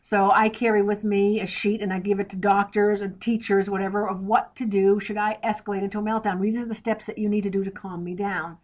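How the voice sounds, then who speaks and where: A woman's voice: mid-range voice, level tone, fairly quick, hardly any pauses, darkish tone. Direct, plain-spoken woman guest on a podcast, mid-range voice, explains step by step. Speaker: interview guest, author. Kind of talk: podcast interview.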